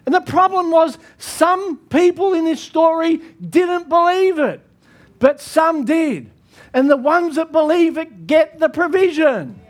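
A pastor preaching an earnest, emphatic sermon with dramatic pauses. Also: male voice, very high voice, animated.

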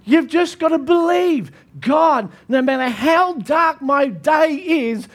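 A pastor preaching an earnest, emphatic sermon with dramatic pauses. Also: male voice, extremely high pitch, expressive.

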